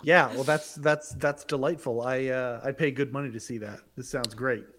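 A man's voice: mid-range voice, steady tone, moderate pace, fairly bright tone, a little hiss or hum. A man from Canada, the show's producer, chatting casually in a wry, teasing way. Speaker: show producer. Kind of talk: casual chat on a remote call.

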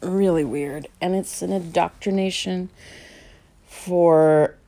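A middle-aged woman painter talking casually to herself as she sets up, rambling and halting with many fillers, sometimes dropping to a soft whisper. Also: on the low side, steady tone. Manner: drops to a soft whisper now and then. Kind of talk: casual spoken vlog while setting up to paint.

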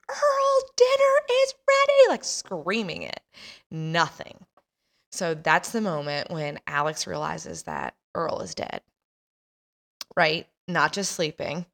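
A woman's voice: fairly low pitch, vocal fry, fairly bright tone. Chatty woman telling a story. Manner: chatty, laughing, acts out voices. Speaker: podcast host telling a story. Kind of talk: casual storytelling.

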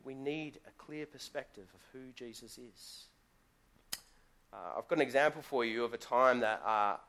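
A male guest pastor preaches a chatty live church sermon, telling stories conversationally and asking lots of rhetorical questions. His voice is medium in pitch and a bit bright.

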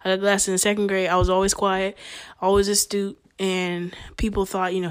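A woman's voice: mid-range voice, flat delivery, normal speed, smooth. A young adult woman in a casual chat, who rambles, hesitates and leans on fillers as she tells her own stories and asks questions. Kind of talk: casual conversation.

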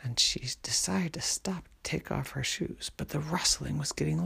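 A man telling a whispered bedtime story in a soft, hushed, lulling way. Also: mid-range voice, animated, normal speed, creaky, hardly any pauses, husky.

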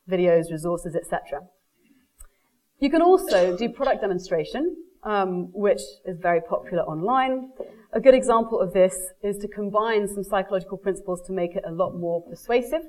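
A woman's voice: mid-range voice, a little fast, poor audio. A woman giving a marketing talk to a live audience, telling stories and acting out quoted voices. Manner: lively storyteller, quotes people in animated voices.

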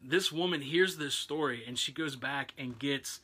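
Casual preacher, conversational, bright and forward tone. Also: male voice, medium pitch, normal speed, husky. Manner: loose and conversational, with restarts. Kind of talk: casual sermon retelling a Bible story.

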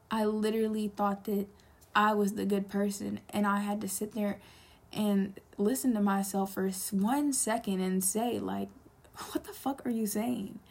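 Speaking at a measured pace, this young woman has a gravelly, medium-pitched voice with little pitch movement. Her piece to camera is a heartfelt, pleading confession driven by strong, repeated emphasis. At times her voice sinks to a whisper.

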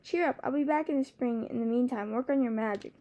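A woman's voice: a little high, quick pace, highs cut off, close to an everyday voice. A woman reading the part of a proud, wry young male dragon in an audiobook, teasing and a little haughty. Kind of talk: audiobook character voice.

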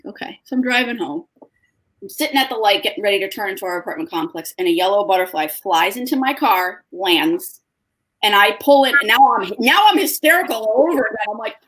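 A young woman, a guest on a video call, telling an emotional story in a casual, tearful way, with lively voices for the people she quotes. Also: mid-range voice, brisk. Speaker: guest, dog owner.

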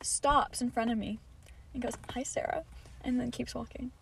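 A woman's voice: a little high, steady tone, moderate pace, gravelly, noisy background. A young woman co-hosting a casual chat podcast, telling a long story and quoting everyone with lots of "like". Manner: storytelling, quoting others with many "like"s. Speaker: podcast co-host.

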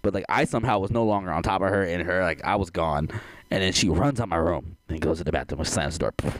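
A young adult man co-hosting a podcast, telling crude stories in an animated way and laughing often. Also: sits low, fast talker, dry recording. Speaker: podcast co-host. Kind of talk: casual chat.

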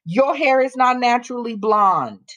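A woman co-hosting a casual opinion chat, talking bluntly and emphatically and slowing down to press her points. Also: fairly high pitch, lively intonation, fairly bright tone. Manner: emphatic, blunt, drops into slow deliberate points. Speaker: co-host.

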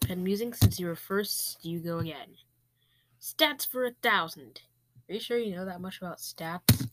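A woman's voice: lowish voice, fairly quick, darkish tone. A woman hosting a joke quiz show and playing the contestants herself, in a jokey manner. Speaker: host of a mock quiz show. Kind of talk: comedic sketch, one person playing all contestants.

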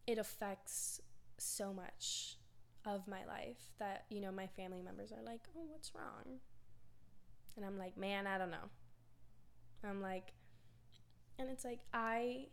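A woman's voice: medium pitch, takes it slowly, gravelly, long pauses. A young woman hosting a personal podcast, talking candidly in a rambling, filler-heavy way about her feelings. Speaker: podcast host. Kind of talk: casual personal monologue.

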